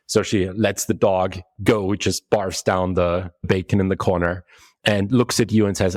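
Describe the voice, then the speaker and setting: A man with a low voice runs a tabletop game as game master. He narrates haltingly, stopping and restarting often. The sound is dry and close. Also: steady tone, a little mellow, no room sound. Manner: halting, with frequent restarts and fillers.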